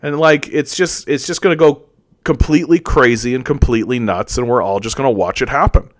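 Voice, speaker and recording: A man's voice: mid-range voice, brisk, no room sound. A man from Canada giving an angry, profane political rant, often repeating words as he goes. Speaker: political commentator. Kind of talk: ranting political commentary.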